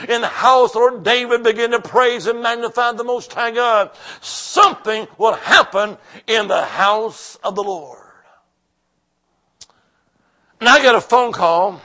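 A man preaching a revival sermon in a high, ringing voice with a bright, forceful edge. He swings between shouted calls for the congregation to answer back and quiet, intimate storytelling. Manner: exuberant, call-and-response, drops to soft storytelling.

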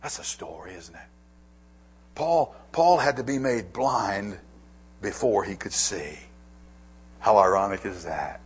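A male pastor preaching a sermon, dropping to hushed asides and rising to emphatic declarations. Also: fairly low pitch, animated, slow pace, long pauses, breathy edge.

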